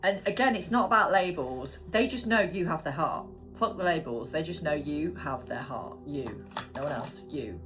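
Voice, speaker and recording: A woman's voice: on the low side, animated, moderate pace, hardly any pauses, a bit bright, soft background music. A British woman in her forties doing a casual tarot reading, chatty and given to swearing and tangents. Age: 40s. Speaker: tarot card reader.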